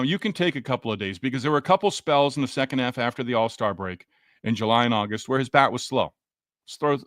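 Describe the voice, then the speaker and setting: A man's voice: mid-range voice, fairly bright tone, no echo, clean studio sound. A man hosting a casual post-game sports podcast, chatting and greeting listeners by name as he reads their comments. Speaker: podcast host. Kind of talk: casual post-game sports talk reading live chat.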